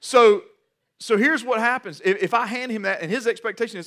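A man in his forties preaching a sermon as pastor, animated and repeating words as he builds each point. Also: high voice, brisk.

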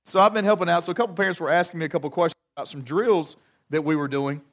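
A middle-aged man and pastor delivering a sermon as an animated storyteller who repeats words in bursts. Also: a little high, very fast.

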